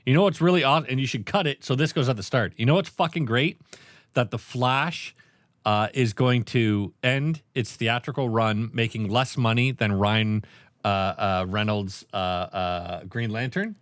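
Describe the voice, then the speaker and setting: A man co-hosting a podcast, chatting casually and excitably about a movie, swearing freely. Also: mid-range voice, moderate pace, no echo, studio quality. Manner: animated, profane, excitable. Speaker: podcast co-host. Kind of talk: casual movie review chat.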